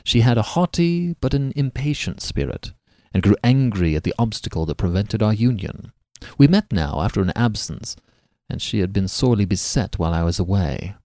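A man reading a classic tale aloud as the podcast's narrator, with an expressive, dramatic delivery. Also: fairly low pitch, moderate pace, no echo. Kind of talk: scripted narration of a classic story.

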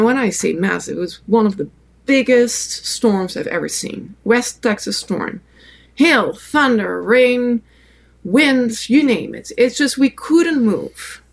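A woman from France with a French accent, a podcast guest telling a long personal story in a relaxed way, with many fillers. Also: medium pitch, creaky.

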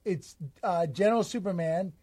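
A man co-hosting a comedy podcast, telling an absurd tall tale in a rambling deadpan way and acting out quotes. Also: high-pitched, normal speed, slightly rough, no echo. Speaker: podcast co-host.

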